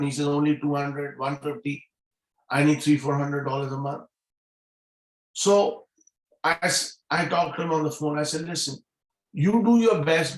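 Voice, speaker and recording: A middle-aged man delivers a motivational talk over a video call. His voice sits a little high and he hammers home points by repeating key phrases. The sound is echoey, as from a bare room. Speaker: guest speaker at a business meeting.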